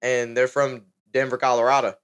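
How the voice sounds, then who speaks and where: A young man in his late teens hosting a podcast in relaxed, casual chat. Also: medium pitch, normal speed, clean tone. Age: young adult. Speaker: podcast host.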